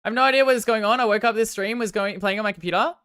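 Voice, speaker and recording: A woman livestreaming a game, chatting with her viewers and swinging from excited outbursts to sheepish apologies. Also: on the high side, racing, dry recording, studio quality. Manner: banters with chat, swears casually. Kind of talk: casual gaming livestream chat.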